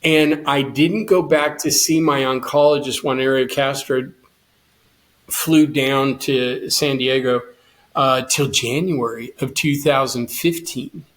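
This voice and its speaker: A man's voice: mid-range voice, steady tone, slow pace, fairly bright tone. A middle-aged man, an interview guest, earnestly telling a long personal story and acting out the dialogue.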